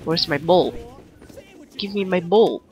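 A young man with a put-on Russian accent, commentating his gameplay in excitable, exclamatory, playfully broken English. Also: high voice, slow pace, faint music behind. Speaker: gaming commentator. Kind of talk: let's-play commentary.

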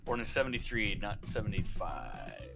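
A man's voice: fairly low pitch, very animated, normal speed, creaky, over music. A man in his forties from Canada, co-hosting a gaming livestream with brief laid-back remarks. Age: 40s. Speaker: co-host. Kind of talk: casual gaming livestream chat.

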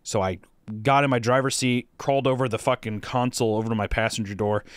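Male podcast co-host, mid pitch, dry close mic, rambling profane storyteller. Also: steady tone, fast, clear, resonant tone, no room sound. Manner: profane, rambling with many fillers. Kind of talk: casual storytelling.

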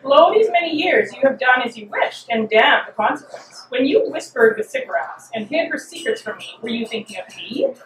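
A woman's voice: high voice, animated, normal speed, few pauses, far from the mic, a little hiss or hum. Woman putting on a sneering, imperious goddess in an echoey hall. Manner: sneering, crowing, sing-song taunts. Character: mocking, imperious goddess of deception, female, ancient. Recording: roomy hall, mic from afar.

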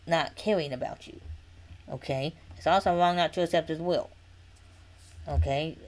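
An earnest woman leading an informal Bible study at a middle pitch. She circles back over her points and keeps checking in with her listeners. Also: low-quality recording. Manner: earnest, repetitive, checks in with "okay?".

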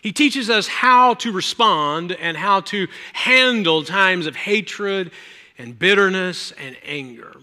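A male pastor preaching a sermon, swinging between loud, emphatic lines and hushed ones. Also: high-pitched, animated, takes it slowly. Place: church sanctuary. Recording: reverberant church hall.

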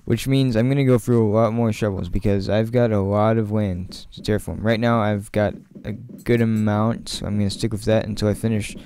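A man's voice: fairly low pitch, fairly even intonation, fairly quick, few pauses, mellow, clear, resonant tone. A man giving casual, chatty commentary while playing, joking and laughing often and rambling straight to his viewers. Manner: rambling, talks to viewers directly. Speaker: gaming channel host.

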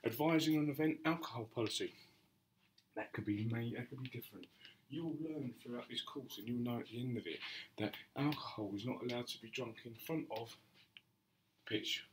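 A man's voice: medium pitch, moderate pace, slight background noise, low-quality recording. A man leading a safety training class, talking to the group in a chatty way, often restarting phrases and briefly acting out exchanges with customers. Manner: repeats and restarts phrases, addresses the class directly.

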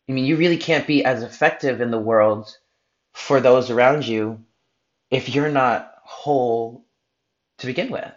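A man talks through a spiritual tarot reading in an earnest, heartfelt way, and now and then he turns blunt. His voice sits at a middle pitch. The recording sounds a little dull and lo-fi. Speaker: tarot reader.

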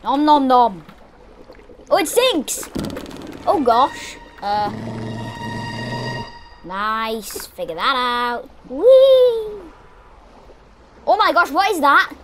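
A woman giving excitable, chatty let's-play commentary, exclaiming as she plays. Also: a little high, slow, long pauses, a little hiss or hum. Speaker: gamer.

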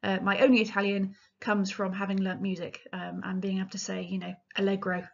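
A woman's voice: medium pitch, flat delivery, a little fast, creaky, a little hiss or hum. Woman lecturer, talks music history in a loose explanatory way, slightly dull lo-fi sound. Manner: chatty, explanatory, frequent ums and restarts. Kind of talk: illustrated lecture.

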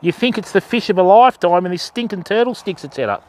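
A man's voice: high voice, animated, fast talker, a little mellow, slight background noise. An Australian man hosting a casual fishing livestream outdoors by a river, chatting with viewers and greeting them by name. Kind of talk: casual live-stream chat.

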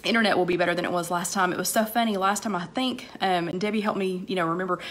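A woman's voice: fairly low pitch, quick pace, a bit bright. Chatty woman greeting live viewers. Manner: chatty, rambling, greets viewers by name between sentences; many fillers and repeated phrases. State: slightly hoarse with a cold, coughing. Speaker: vlogger hosting a live online chat. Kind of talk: casual live-stream chat greeting viewers.

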